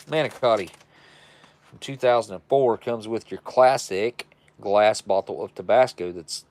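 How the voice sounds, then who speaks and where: A man's voice: fairly low pitch, a little mellow, dry recording. A man hosting a casual livestream, reviewing old military rations and chatting with viewers in a folksy, self-described redneck way.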